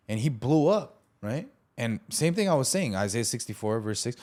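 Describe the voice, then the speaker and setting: A man's voice: medium pitch, expressive, fairly quick, few pauses, a little mellow. A man hosting a faith podcast, telling a story animatedly and acting out the people in it. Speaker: podcast host. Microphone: studio podcast mic.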